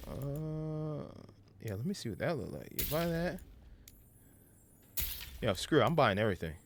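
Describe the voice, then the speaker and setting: A man giving casual, playful gameplay commentary as a gaming streamer, joking and excitable. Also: fairly high pitch, normal speed, a little hiss or hum.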